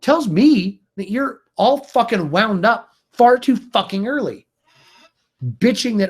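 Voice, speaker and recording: A man's voice: very high-pitched, expressive, slow, husky. Heated, foul-mouthed middle-aged man. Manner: heated, profane, exasperated. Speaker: video blogger. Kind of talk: angry rant to camera.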